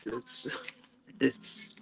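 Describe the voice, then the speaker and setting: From a home room piled with comic books, a man hosts a casual live stream, rambling and poking fun at himself. He talks very slowly, and the recording quality is low.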